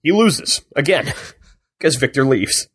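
A man recapping a film on a podcast in a chatty storytelling way, with quick asides. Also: medium pitch, sing-song, fairly bright tone, slightly rough, no room sound, studio quality. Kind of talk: casual chat.

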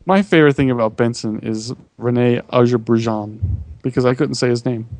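A man co-hosting a podcast, chatting casually in an earnest way with halting restarts. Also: mid-range voice, a little mellow, no echo. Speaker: podcast co-host. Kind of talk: casual chat.

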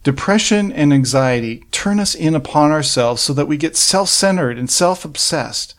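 A man preaching a sermon, working through a psalm verse by verse in an earnest, measured way and asking rhetorical questions. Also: on the high side, expressive.

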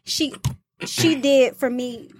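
A woman's voice: high-pitched, fairly even intonation, takes it slowly, a little hiss or hum. A woman speaking earnestly in a casual group chat, often checking in with her listeners. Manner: earnest, personal, repeats "you know what I'm saying".

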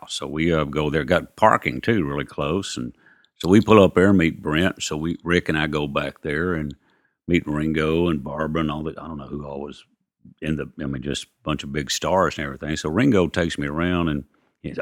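A man's voice: extremely low pitch, fairly quick, dry recording, studio quality. A male musician telling anecdotes in a casual, rambling way, acting out what people said. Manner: rambling, acts out quotes, lots of "you know". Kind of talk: casual storytelling.

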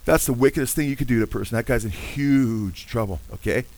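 A man's voice: mid-range voice, fast talker, a little mellow, poor audio. A man preaching a fervent, emphatic sermon with casual asides.

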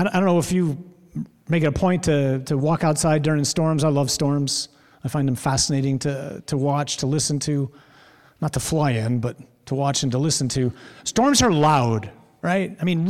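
Animated preacher, man, echoing church hall. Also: a little high. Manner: vivid storytelling, draws out words for emphasis. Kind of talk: sermon.

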